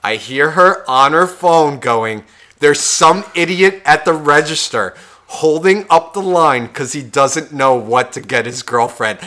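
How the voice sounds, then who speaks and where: A man co-hosting a podcast, telling a profane story in a casual, animated way and acting out the people in it. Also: a little high, unhurried. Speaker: podcast co-host.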